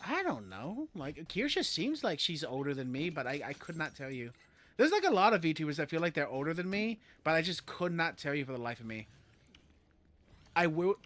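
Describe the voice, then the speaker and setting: A man in his thirties chatting casually while streaming a game, rambling and excitable, swearing and filling with lots of "like". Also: on the high side, normal speed. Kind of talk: casual gaming stream chat.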